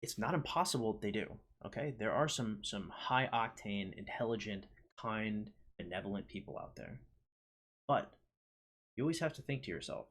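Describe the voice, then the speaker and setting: A man talking alone in a reflective monologue, hesitant, with many pauses and restarts. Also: on the low side, expressive, fairly bright tone. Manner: hesitant, lots of ums and restarts. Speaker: solo talker reading his own poem.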